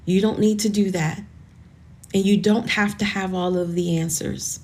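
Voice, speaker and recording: A woman's voice: mid-range voice, fairly even intonation, normal speed, a little mellow. A woman in her forties hosting a motivational podcast, talking to listeners in an earnest, encouraging way and sounding close to tears. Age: 40s. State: tearful, emotional. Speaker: podcast host.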